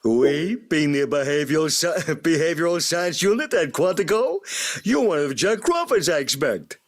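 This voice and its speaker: Brief: man doing a teasing, menacing cartoon bear with a lot of pitch swing. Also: sing-song. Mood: sly. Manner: sly, teasing, drawn-out. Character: cartoon bear as a sly, menacing male doctor. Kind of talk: live staged script reading.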